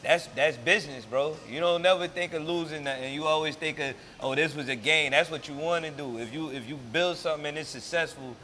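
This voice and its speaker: A man's voice: on the high side, fairly quick, hardly any pauses, bright, forceful tone. A man hosting an interview, laid-back and affirming, speaking in casual slang. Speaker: interview host.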